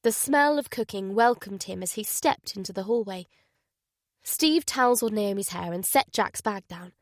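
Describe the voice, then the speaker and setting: A woman reading a thriller audiobook in an even, measured narration. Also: medium pitch, dry recording, studio quality. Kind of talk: scripted narration.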